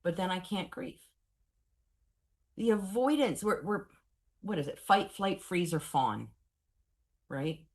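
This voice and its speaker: A woman in her forties giving a professional training lecture on trauma and grief, candid and animated, with wry humor. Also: lowish voice, slow pace, long pauses. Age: 40s.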